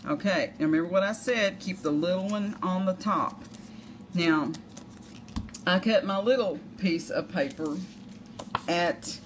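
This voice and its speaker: A woman's voice: lowish voice, unhurried. A woman with a Southern US accent, chatting through a crafting tutorial with rambling, self-deprecating asides. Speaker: craft demonstrator. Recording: noisy home recording.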